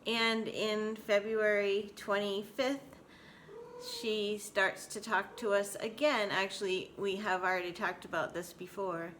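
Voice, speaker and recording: A woman's voice: mid-range voice, little pitch movement, measured pace, a bit bright, slight background noise. A woman in her forties talking candidly to her home vlog audience, open and emotional, often close to laughing. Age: 40s. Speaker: vlogger. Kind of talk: casual personal vlog talk.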